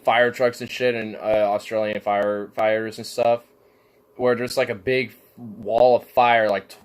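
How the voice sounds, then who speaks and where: A man's voice: fairly low pitch, little pitch movement, measured pace, smooth. A man in a casual rant, rambling and cursing, packing his talk with "like". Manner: profane, rambling, heavy use of filler "like".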